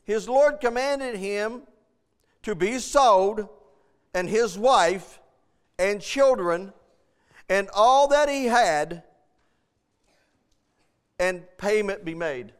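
High-voiced preacher asking rhetorical questions. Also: male voice, lively intonation, drawn-out words, long pauses, clean tone, in a large hall. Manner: emphatic, many rhetorical questions to the congregation; folksy plain grammar, repeats phrases. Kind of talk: sermon.

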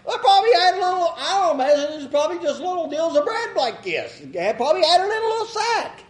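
A man with a very high voice preaches a rambling, folksy sermon at a quick pace, chuckling and slipping into little mock quotes, his pitch swinging widely. The sound rings around an echoey room.

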